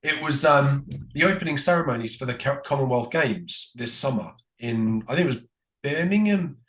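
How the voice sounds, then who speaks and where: A British man co-hosting a podcast in relaxed, rambling chat full of ums and likes. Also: mid-range voice, moderate pace, roomy sound. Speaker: podcast co-host. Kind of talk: casual Bible study chat.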